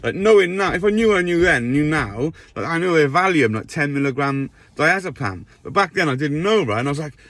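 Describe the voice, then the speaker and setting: A man's voice: a little high, lively intonation, fairly quick, hardly any pauses, fairly bright tone, no room sound. A man telling a rambling storytime monologue, often checking in with his listener. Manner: rambling, checks in with "right?" tags.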